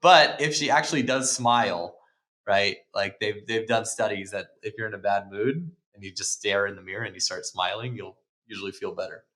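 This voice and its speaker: A laid-back podcast host breaks down movie scenes in casual film-analysis chat, swearing and laughing often. His lowish voice is pushed and bright, at a moderate pace.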